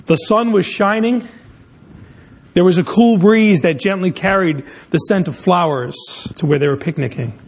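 A pastor preaching, opening with a lively illustrative story before turning to his sermon topic. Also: sits high, moderate pace, husky. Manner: animated storyteller, speeds up in tense moments.

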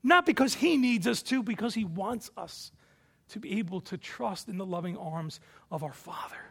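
A male pastor preaching a sermon, moving between hushed reflection and forceful declarations. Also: high-pitched, lively intonation, normal speed, creaky, husky.

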